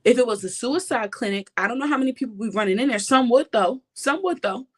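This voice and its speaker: A woman's voice: on the high side, lively intonation, quick pace. A young woman vlogger giving an impassioned personal testimony, talking straight to her viewers. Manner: impassioned, addresses viewers directly.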